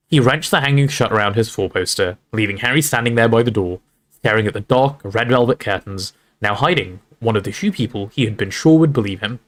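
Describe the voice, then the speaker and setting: This man's voice runs a bit low and a little fast as he performs a novel for his livestream audience. He tells the story expressively and drops in offhand comments to the people watching.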